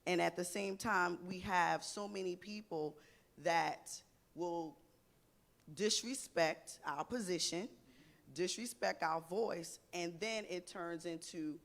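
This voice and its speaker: A woman's voice: on the low side, takes it slowly, gravelly. A woman speaking as a guest on a panel talk show, passionate and emphatic. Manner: passionate, gestures while speaking.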